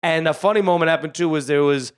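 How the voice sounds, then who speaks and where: A comedian tells a story on a casual podcast in a fairly high voice. He throws himself into it and acts out each person loudly as he goes. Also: quick pace, smooth. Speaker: comedian guest.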